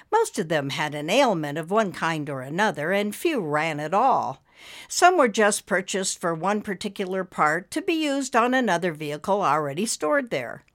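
A woman narrating an audiobook story in a steady, expressive storytelling manner. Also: lowish voice.

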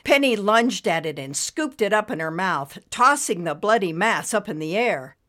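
A woman reading a story aloud as narrator, expressive and lively. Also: medium pitch, moderate pace.

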